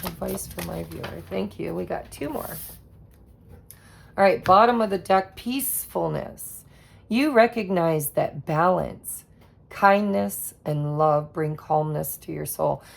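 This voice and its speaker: A woman gives a casual tarot reading in an unhurried, easygoing way, drawing words out with soft laughs and pauses. Her voice sits a little low and carries a heavy gravelly fry, and she speaks very slowly. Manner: slow, relaxed, with soft laughs and trailing pauses. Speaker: tarot reader.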